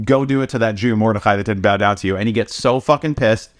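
Low-voiced man telling a story, profane. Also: no room sound, studio quality. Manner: loose, profane retelling with quick quoted voices. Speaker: podcast co-host. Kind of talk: casual storytelling among friends.

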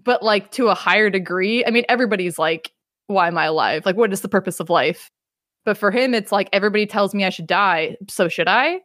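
A woman hosting a casual podcast chat, animated and swearing freely, acting out quotes as she talks. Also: mid-range voice, a little fast, dry recording, studio quality. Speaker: podcast host.

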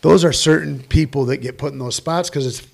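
A middle-aged man, a guest actor, telling profane, energetic stories in a casual interview. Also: a little high, fairly quick, creaky.

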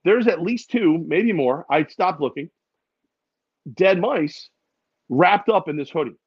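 Man telling funny stories, slightly high voice. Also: slow pace, slightly rough, dry recording, lo-fi sound. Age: adult with a daughter. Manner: animated storytelling with funny put-on voices. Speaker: podcast co-host. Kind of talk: casual chat.

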